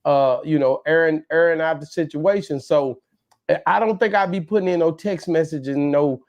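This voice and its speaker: A man talking in a relaxed, casual chat, often restarting his sentences with "uh" and "you know". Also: fairly high pitch, normal speed. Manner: relaxed, hesitant with repeated starts. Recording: slightly dull lo-fi audio.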